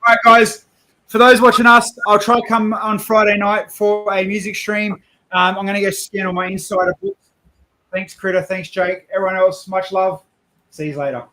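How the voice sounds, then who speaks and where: A man's voice: sits high, flat delivery, moderate pace, fairly bright tone, roomy sound, rough recording. A young man hosting a casual livestream, blunt and sweary, joking as he goes. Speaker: streamer host.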